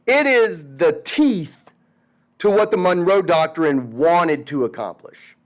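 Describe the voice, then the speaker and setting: A man's voice: fairly high pitch, animated, slow pace. A male history teacher giving a casual, conversational classroom lecture, often checking in with his students.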